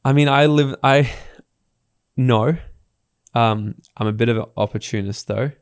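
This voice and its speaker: An Australian man guesting on a podcast, telling stories in a casual, animated way and acting out the people he quotes. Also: mid-range voice, unhurried, smooth, dry recording, clean studio sound. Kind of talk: casual interview talk.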